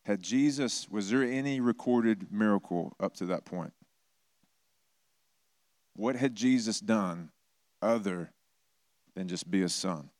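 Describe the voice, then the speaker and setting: A man's voice: fairly low pitch, slow, pauses often, a little mellow, no echo, studio quality. A middle-aged man preaching a sermon in a conversational way, acting out quoted voices with touches of humor. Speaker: pastor.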